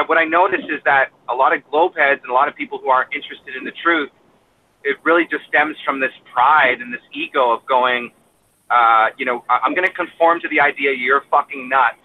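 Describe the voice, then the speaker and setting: A man hosting a casual live chat, asking long, rambling, informal questions. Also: mid-range voice. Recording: tinny phone line with faint noise.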